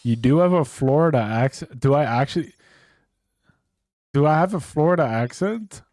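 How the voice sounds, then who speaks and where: A man's voice: fairly high pitch, lively intonation, normal speed, darkish tone, no echo, clean studio sound. Casual swearing man streaming. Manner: swears freely, rambling and off the cuff. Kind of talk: casual live-stream chat.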